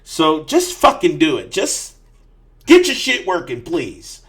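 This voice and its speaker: A man's voice: a little high, wildly swooping pitch, slow pace, a bit bright. A man hosting a gaming podcast, ranting with lots of swearing, stammered restarts and laughter. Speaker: podcast host.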